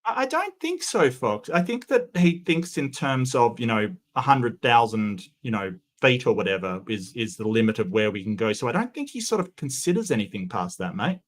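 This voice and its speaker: Animated man reacting with disbelief. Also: normal speed, hardly any pauses. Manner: incredulous, rising in pitch when objecting. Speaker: commentary host reacting to a clip. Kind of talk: casual live commentary.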